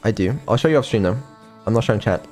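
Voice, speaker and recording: A man's voice: fairly low pitch, lively intonation, quick pace, darkish tone. A man streaming casually as a developer, hesitant and full of ums, with some casual swearing. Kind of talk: casual live-stream chat. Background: faint music.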